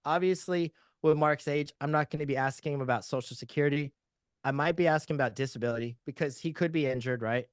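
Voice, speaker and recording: A man's voice: fairly high pitch, quick pace, smooth, dry recording, studio quality. A man teaching insurance sales, upbeat and joking as he walks through client questions. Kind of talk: sales training talk with role-play.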